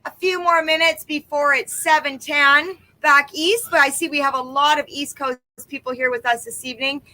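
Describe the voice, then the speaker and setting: A woman's voice: high voice, fairly even intonation, moderate pace, pushed and bright, rough recording. A woman co-hosting a casual livestream from her backyard, chatting and reading viewer comments aloud. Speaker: co-host of a livestream. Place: outdoors in a backyard. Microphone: laptop microphone.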